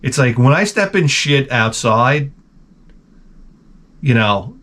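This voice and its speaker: A man in his forties hosting a show, telling crude, rambling stories in a casual monologue and jumping into loud, animated retellings. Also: mid-range voice, takes it slowly. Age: 40s. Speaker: host.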